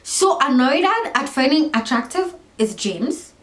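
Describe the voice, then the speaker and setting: A young woman talks casually to her camera in a fairly high voice, rambling and correcting herself as she goes. The sound is echoey, as if she is in a bare room. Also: unhurried. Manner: animated, rambling, self-correcting, lots of fillers. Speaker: vlogger reviewing a reality show. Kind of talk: casual chatty commentary.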